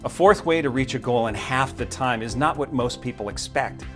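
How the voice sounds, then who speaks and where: A man's voice: mid-range voice, normal speed. A man speaking straight to the camera with short, punchy motivational points. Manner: crisp, punchy short statements. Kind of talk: direct-to-camera motivational talk. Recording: faint music underneath.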